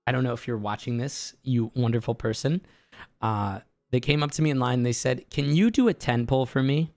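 A hoarse man, a voice actor, telling stories excitedly and laughing easily in a casual streaming chat. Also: mid-range voice, no room sound. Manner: excitable storyteller, quick to laugh. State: hoarse from an inflamed larynx.

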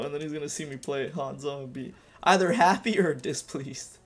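Fairly high-voiced young man, energetic. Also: fairly quick. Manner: energetic, loud, swearing banter. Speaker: gaming channel host. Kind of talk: casual gameplay commentary.

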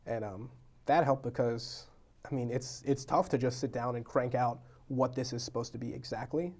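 A man's voice: mid-range voice, normal speed. A young man chatting as a guest on a casual talk show. He tells stories with energy and slips into quoted voices as he goes. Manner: animated storyteller, acts out quotes. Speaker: novelist guest.

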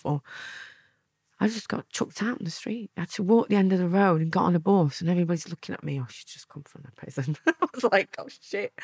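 A woman's voice: fairly low pitch, a little mellow, dry recording, clean studio sound. A woman in her fifties with a Lancashire accent, telling her life story as a guest in a candid interview, chatty and laughing often. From England. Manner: chatty, laughing, acts out quotes.

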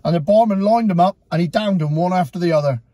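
A man's voice: sits high, fast, dark tone, no echo. A man guesting in a casual chat, jokey and full of banter, telling dad jokes.

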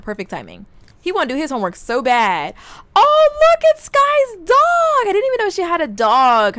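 A young woman chatting excitedly through a life-simulation game, talking to her viewers and to the characters on screen. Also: medium pitch. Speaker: gaming YouTuber. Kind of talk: casual let's play commentary.

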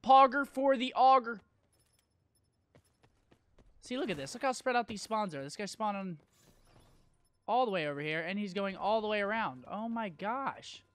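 A man's voice: sits high, animated, normal speed, pauses often, a bit bright, clean tone, no room sound. A man doing live gameplay commentary as a gaming YouTuber, hyping himself up and mocking his own mistakes with sudden outbursts. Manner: hype, self-mocking trash talk, sudden outbursts.

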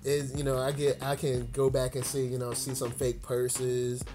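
A man's voice: mid-range voice, monotone, normal speed, over music. A man from Virginia, co-hosting a podcast in casual chat, telling stories in a laid-back way and laughing easily. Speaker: podcast co-host.

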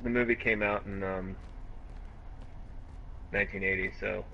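Man, dry jokes, gaming chat, bright forceful voice, faint hiss. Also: fairly low pitch, fairly even intonation, unhurried, gravelly, highs cut off. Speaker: co-host playing a horror game.

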